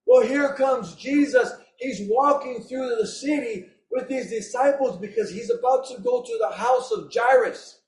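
A man preaching an impassioned, emotional sermon, raising his voice to a shout at its peaks. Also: very high-pitched, big pitch swings, a little slow, vocal fry, few pauses. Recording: roomy echo.

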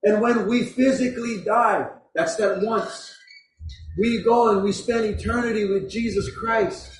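Male pastor, unhurried storytelling sermon, heard from afar with faint room ambience. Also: high voice, steady tone, a little hiss or hum. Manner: storytelling preacher, slow and deliberate. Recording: echoey room from far off.

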